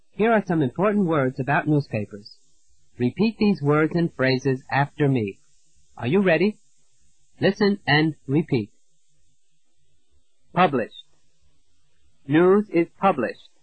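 A man teaching an English lesson, reading out words and example sentences slowly and clearly, pausing for the learner to repeat. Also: fairly high pitch, lively intonation. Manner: slow, clear, deliberate drilling with pauses. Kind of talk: scripted language lesson narration. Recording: dull dry lo-fi audio.

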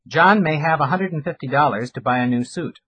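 Man, measured reading of drill sentences, slightly high voice, husky, dull lo-fi tape. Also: sharp tone, no echo. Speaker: language course speaker. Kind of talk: recorded pronunciation drill.

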